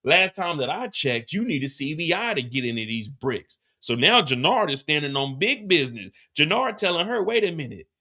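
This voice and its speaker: Man, high voice, live after-show host, slangy, repeats himself, animated storytelling. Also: normal speed, few pauses.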